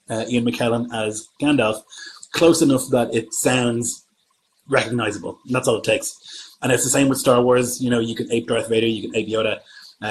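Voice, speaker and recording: A man's voice: mid-range voice, a little hiss or hum, low-quality recording. A man from Germany who runs tabletop games, chatting casually on a livestream and thinking aloud as he answers viewer comments. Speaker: game master.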